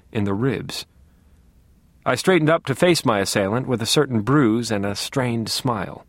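A man's voice: mid-range voice, dry recording. A man narrating an audiobook in the first person with a dry, wry, understated delivery.

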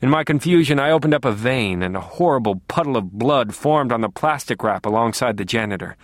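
A man narrating an audiobook in a calm, wry, low-key way, sometimes sinking to a near whisper. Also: fairly quick, dry recording, studio quality.

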